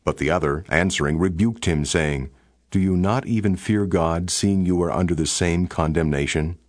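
A man with a very deep, low voice reads scripture aloud in a steady, formal cadence. The sound is dry and close, with no room around it. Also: moderate pace, no room sound. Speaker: scripture narrator. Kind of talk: scripted Bible reading.

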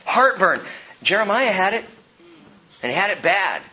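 A male pastor preaching a verse-by-verse sermon with emphasis, his voice rising and falling between soft and loud. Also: high-pitched, sing-song, normal speed, highs cut off, slight background noise.

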